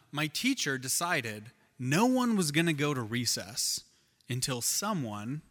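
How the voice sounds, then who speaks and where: Animated male preacher in an echoey hall. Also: a little high. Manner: animated storyteller, shifts loud and soft. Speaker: pastor. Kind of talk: sermon with personal story.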